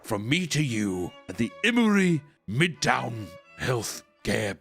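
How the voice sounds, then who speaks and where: Young male co-host, loose and profane, bright tone, faint music underneath. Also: medium pitch, slow, gravelly. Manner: animated, profane, jokey. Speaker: podcast co-host. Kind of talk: casual reaction chat.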